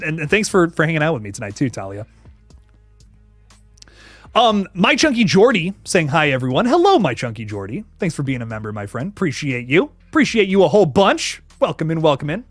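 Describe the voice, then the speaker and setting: A young man chats through a horror livestream in a lively voice that jumps up and down in pitch. He talks in slang and hypes up his viewers as he reads their messages. The sound is dry and close, with faint music playing underneath. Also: no echo. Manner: animated, slangy, hypes and thanks viewers by name. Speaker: horror channel host reading live chat. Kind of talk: casual livestream chat.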